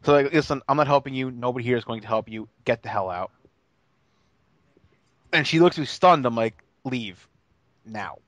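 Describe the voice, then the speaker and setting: A man's voice: mid-range voice, a bit bright, no echo. A young man on a casual podcast, telling a story with lots of stammered restarts and swearing. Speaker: podcast co-host.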